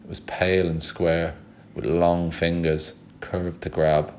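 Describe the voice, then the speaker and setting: A man with a notably deep, low voice reads a children's novel aloud. His delivery is steady and measured, the way a storyteller paces a chapter for young listeners. It comes across as plain, unhurried narration. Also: a little hiss or hum. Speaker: audiobook reader.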